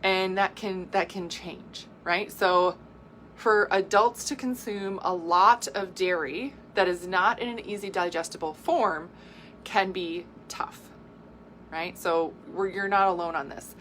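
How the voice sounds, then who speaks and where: A woman giving a casual health talk as a coach, chatty and quick to laugh, explaining things with lists and asides. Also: mid-range voice, steady tone, a bit bright, slight background noise.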